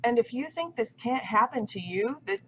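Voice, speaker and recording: A woman's voice: a little high, expressive, moderate pace, a little hiss or hum. A woman in her thirties talking to camera in a casual vlog monologue, emphatic and insistent, often repeating her points. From United States. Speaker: vlogger. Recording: dull lo-fi audio.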